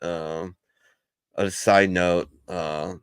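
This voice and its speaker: Man host, low voice, rambling profane asides, dry close audio. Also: steady tone, extremely slow, clear, resonant tone, no echo. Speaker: livestream host. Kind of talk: casual livestream chat. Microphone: video call.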